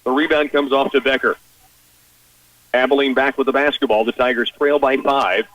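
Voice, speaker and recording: A man calls a high school basketball game for radio, firing off short play-by-play phrases that climb when a shot falls. His voice sits in a middle register and sounds set back a little from the microphone. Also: fairly even intonation, fairly bright tone, dry recording, lo-fi sound. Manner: rapid clipped play calls, rising at big shots. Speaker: play-by-play announcer. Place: high school gym broadcast position. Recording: broadcast radio, mic at a distance.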